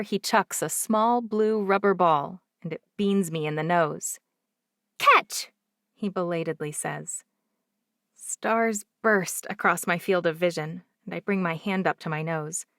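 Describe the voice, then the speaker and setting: Expressive woman narrating an audiobook. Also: fairly low pitch, no room sound, studio quality. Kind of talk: first-person romance audiobook narration.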